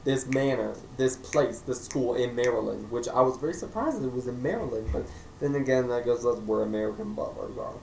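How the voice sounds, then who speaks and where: A man's voice: mid-range voice, a little fast, gravelly, a little mellow. A man reviewing a movie in a casual, joking way, acting out characters in silly voices. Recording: echoey room, mic at a distance, faint noise.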